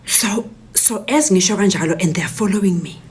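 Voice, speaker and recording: A middle-aged South African woman telling her own story in a breathy, often whispered voice, with urgent intensity. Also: medium pitch, a little fast. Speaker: interviewee. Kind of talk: personal storytelling.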